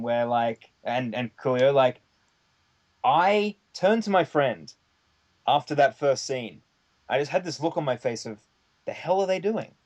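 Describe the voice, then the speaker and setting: A man who is a guest on a podcast, telling a rambling anecdote in casual chat, with lots of fillers and the odd swear word. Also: mid-range voice.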